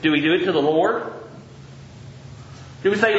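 A high-voiced male pastor gives a sermon, slowing and stretching his phrases as he reads scripture. He turns to the congregation with direct questions. The recording is roomy and a bit dull, with a faint hiss beneath it. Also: a bit bright. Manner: reads scripture aloud with emphatic, drawn-out phrases. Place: church sanctuary.

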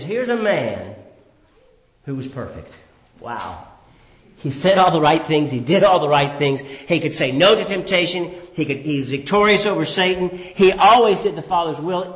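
A man preaching a sermon who asks the congregation questions and answers them himself, swinging between raised, emphatic phrases and low, drawn-out words. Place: church hall. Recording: echoey, dull church hall recording.

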